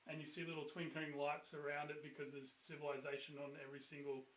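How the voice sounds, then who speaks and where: A man runs a tabletop game, narrating the scene in a loose, rambling way full of fillers and sudden loud bursts for characters. His voice sits fairly high and bright, and the room around him sounds echoey. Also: monotone, quick pace, a little hiss or hum. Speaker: game master.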